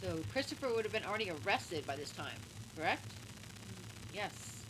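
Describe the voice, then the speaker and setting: A woman's voice: medium pitch, sing-song, normal speed. A woman co-hosting a true crime show, giving her opinions in casual talk and asking the viewers questions directly. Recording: clear background noise.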